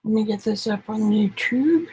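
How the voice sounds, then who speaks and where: A woman's voice: medium pitch, moderate pace, warm tone, slightly rough. A woman with an Arkansas accent hosting a live art stream from her home studio, chatting casually and poking fun at herself while she works. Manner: chatty, self-deprecating, talks while working. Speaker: art livestream host. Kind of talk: casual livestream chat.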